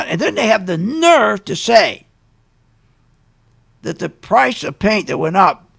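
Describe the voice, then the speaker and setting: Male radio host with a raised, gravelly voice, preaching his opinions in an emphatic rant. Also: on the high side. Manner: ranting, emphatic, sarcastic asides.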